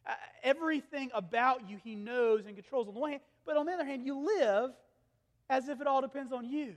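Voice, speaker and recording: A man in his thirties, a pastor preaching a sermon, who swings between raised, urgent passages and hushed, gentle ones. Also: very high-pitched, brisk. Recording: long reverb of a large hall.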